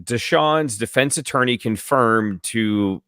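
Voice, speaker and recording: A man's voice: medium pitch, slow, clear, resonant tone, no echo, clean studio sound. A man on a casual sports podcast, animatedly passing on news he heard and joking about it. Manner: gossipy, animated retelling of news.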